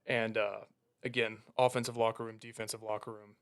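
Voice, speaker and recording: A young man co-hosting a podcast tells a story casually, animated and laughing through the punchlines while acting out his coaches' lines. His voice sits on the low side, clear and resonant, and he talks a little fast.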